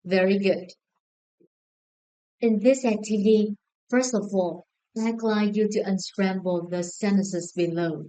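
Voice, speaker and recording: A woman with a Vietnamese accent teaching an English lesson, giving clear, encouraging instructions to a class. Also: mid-range voice, measured pace, mellow, poor audio.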